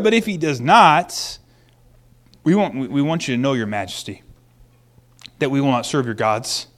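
Animated high-voiced male pastor. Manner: animated, swings from loud to hushed. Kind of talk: sermon.

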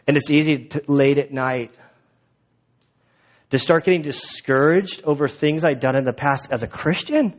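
A male pastor preaches with a voice pitched a little high for a man, and his delivery stays lively as he slips into the voices of the people he quotes. The recording is dull and lo-fi. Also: normal speed. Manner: animated, acts out quoted voices. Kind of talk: sermon.

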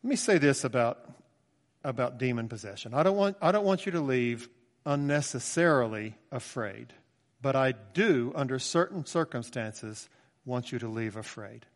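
A man's voice: medium pitch, lively intonation, normal speed. A man in his sixties preaching a conversational, emphatic sermon with asides in a church. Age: 60s. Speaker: pastor. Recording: long church reverb.

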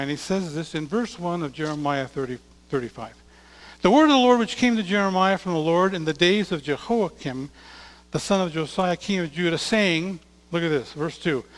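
A man preaching a sermon as a pastor, reading scripture aloud and swinging between loud declarations and hushed asides. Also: high-pitched. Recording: long hall reverb.

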